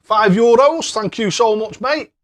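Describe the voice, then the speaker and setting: A man's voice: high-pitched, measured pace. Cheery male live-stream host. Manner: chatty, thanks viewers by name; cheery, excitable. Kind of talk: casual live-stream chat.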